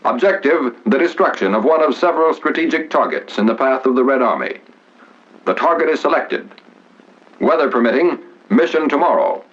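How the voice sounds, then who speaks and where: A man narrating a 1940s wartime documentary in a measured, formal announcer style. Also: mid-range voice, expressive, fairly bright tone. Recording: dull 1940s film soundtrack with music.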